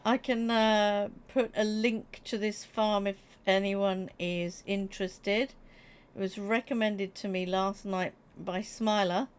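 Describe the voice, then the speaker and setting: A woman chatting casually with her viewers during a live stream, animated and quick to laugh. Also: medium pitch, a little hiss or hum. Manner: chatty and animated, laughing, talking straight to chat. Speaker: Twitch streamer.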